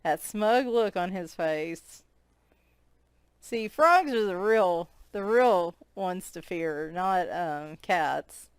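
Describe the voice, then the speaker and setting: A woman gives casual, amused commentary, breaking into giggles often. Her voice is smooth and clear, and she talks at an unhurried pace. The sound is dry and close, with no room echo. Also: on the low side, expressive. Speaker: coloring book reviewer. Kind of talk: casual flip-through commentary.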